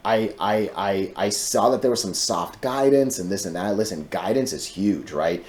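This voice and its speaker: A man with a somewhat low voice talks through stock charts in a casual commentary style. He is emphatic and repeats key points, breaking in with "listen" and checking in with "right?" as he goes. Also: expressive, normal speed, darkish tone. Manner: emphatic and repetitive, often saying "listen" and "right?". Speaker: stock chart analyst host. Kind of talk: casual market commentary to viewers.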